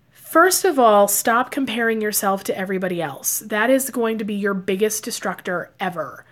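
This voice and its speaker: A psychic and life coach with a mid-range, fairly bright voice talks casually to camera, giving her audience advice. She is chatty, uses lots of filler words and acts out quoted lines.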